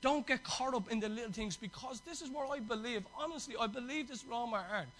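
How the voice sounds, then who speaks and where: A man's voice: very high voice, fast talker, a bit bright, poor audio. A man preaching a sermon to his church, passionate and exhorting, with chatty asides.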